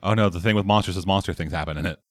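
A man's voice: low-pitched, very fast, dry recording, clean studio sound. A man in casual chat, bluntly and profanely tearing into a game. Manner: blunt, profane, animated critique.

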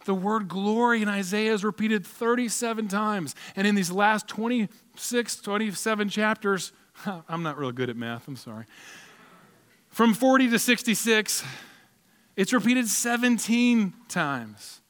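Male pastor preaching, emphatic rhetorical repetition, high, ringing tone. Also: expressive, measured pace, a bit bright, clear, resonant tone. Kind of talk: sermon.

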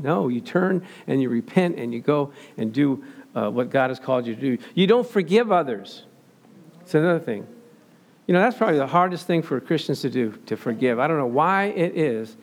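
An older man preaching a sermon in a conversational way, telling everyday stories and acting out what people said. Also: a little high. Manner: conversational storytelling, acts out quotes.

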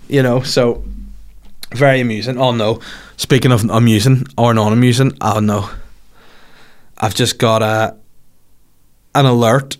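A man's voice: mid-range voice, steady tone, a little slow, pauses often. A man hosting a comedy show, riffing in a casual monologue and swearing freely. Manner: swears freely, breaks into voices.

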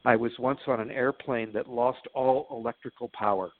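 A man's voice: medium pitch, steady tone, normal speed. A man telling stories as a guest in an interview, chatty and laughing at his own stories, with lots of fillers. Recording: phone line.

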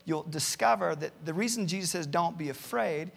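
Man, pastor, preaching, earnest, reads scripture aloud, raspy fry, echoing hall. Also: a little high, normal speed, fairly bright tone. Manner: earnest preaching, reads many Bible verses aloud, repeats words at starts. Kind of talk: sermon. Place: church campus, large hall.

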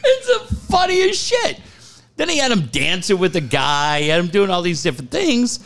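A radio show host with a high-pitched, creaky voice talks a little fast in a casual chat. He tells stories animatedly, swears freely, and acts out the quotes.

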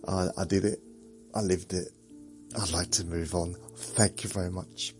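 A man's voice: deep voice, flat delivery, moderate pace, a little mellow, faint music behind. A man hosting a sleep podcast, meandering through a rambling monologue and chuckling at himself. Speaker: podcast host.

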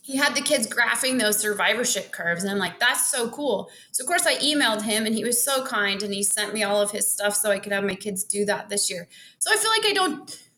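A woman's voice: medium pitch, lively intonation, a little fast, bright, forceful tone, a little hiss or hum. A woman teacher from Montana, chatting casually as a podcast guest, self-deprecating and laughing often as she acts out bits of dialogue. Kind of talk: casual interview chat.

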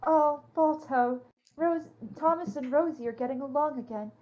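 A woman voicing Jenna, a fierce and loving female husky, in a giggly, overacted comic reading of fan fiction. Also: sits high, normal speed, darkish tone, close to an everyday voice. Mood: melodramatic.

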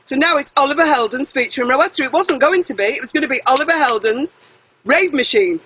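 A middle-aged woman singer being interviewed, chatty and animated, jumping between tangents and correcting herself. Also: high-pitched, fast, a little hiss or hum, low-quality recording. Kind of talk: casual interview chat.

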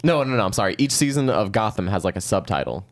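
A man's voice: on the low side, expressive, fast. A man co-hosting a casual pop-culture chat, jokey and slangy, often chiming in. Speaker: podcast co-host.

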